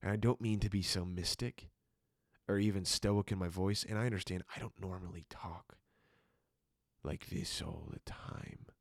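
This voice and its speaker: A man preaching a quiet devotional sermon, speaking slowly and deliberately and often sinking into a whisper. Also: low voice, fairly even intonation, dry recording, studio quality.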